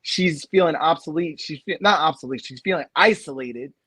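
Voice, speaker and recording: A man's voice: fairly high pitch, normal speed, pushed and bright, slightly rough, dry recording. A man co-hosting a podcast, ranting in a casual debate and laughing often. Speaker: podcast co-host.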